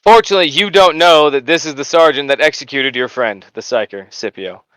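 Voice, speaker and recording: A man narrating as game master of a tabletop game, storytelling in a lively way with fillers. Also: fairly high pitch, brisk, clean tone, no echo, low-quality recording.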